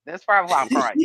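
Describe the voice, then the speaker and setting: A middle-aged woman with a bright, high-set voice tells stories in a lively, swearing way, playing out each exchange herself. The sound is dry and close. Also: gravelly, husky, dry recording. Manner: animated, profane, acts out dialogue. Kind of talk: casual storytelling.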